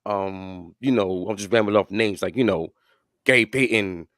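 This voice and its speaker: This podcast co-host talks sports casually in a fairly low, fairly bright voice at normal speed, rambling with many fillers and restarts. The sound is clean studio audio with no echo.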